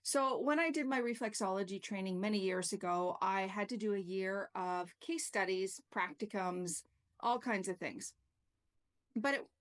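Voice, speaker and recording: A woman's voice: mid-range voice, a bit bright. A middle-aged woman reflexologist telling a story and explaining her practice in a chatty, casual way, often saying "like" and "okay?". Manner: chatty, peppers talk with "like" and "okay?". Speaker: reflexologist and yoga teacher.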